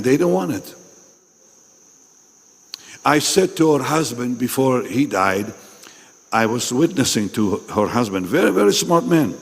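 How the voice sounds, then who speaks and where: Male preacher: deliberate, lively delivery, husky edge, with long hall reverb. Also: mid-range voice. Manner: emphatic, repeats phrases, questions the audience directly. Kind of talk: sermon at a pastors' meeting.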